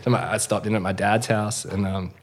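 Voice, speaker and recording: A man's voice: on the low side, fairly even intonation, brisk. A man, casually telling a surfing story in a laid-back way, swearing freely and acting out what people said. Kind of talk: casual chat.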